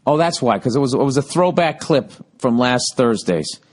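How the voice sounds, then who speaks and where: A man's voice: medium pitch, lively intonation, normal speed, darkish tone. A man in his forties with a Boston accent, hosting a casual solo podcast, reading listener emails and ranting with profane, sarcastic asides. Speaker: podcast host.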